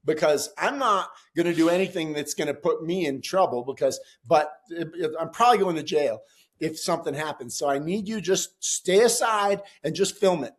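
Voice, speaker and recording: Middle-aged guy telling a story, fairly high voice, gets loud and swears acting out what people said. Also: normal speed. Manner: animated, swearing, voices quotes loudly. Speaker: podcast guest, gym founder. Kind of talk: casual storytelling.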